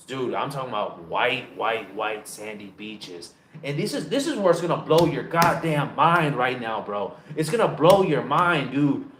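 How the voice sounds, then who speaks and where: Loud, profane American man on a phone. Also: measured pace, a little hiss or hum. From United States. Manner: loud, profane and animated, with big pitch jumps. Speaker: travel vlogger. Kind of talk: casual storytelling to camera. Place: dim room. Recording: echoey room on a phone.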